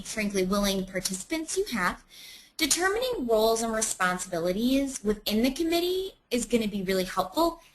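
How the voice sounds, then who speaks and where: A woman's voice: fairly high pitch, slight background noise, low-quality recording. Chatty woman presenting a webinar. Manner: chatty, many ums.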